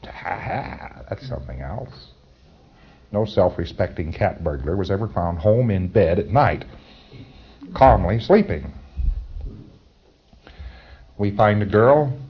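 Low-voiced man lecturing on dull tape. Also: slightly rough. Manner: wry, conversational, with chuckles and mock dialogue. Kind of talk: recorded training lecture.

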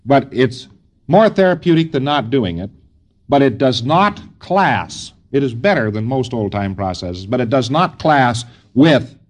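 A man giving an informal lecture to trainees, rambling and folksy, often pausing on fillers. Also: lowish voice.

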